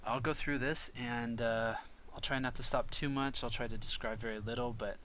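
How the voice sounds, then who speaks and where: A young man casually talking through and pitching a storyboard scene, narrating the actions as he goes. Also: fairly even intonation, moderate pace, a bit bright, a little hiss or hum, low-quality recording. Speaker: storyboard artist.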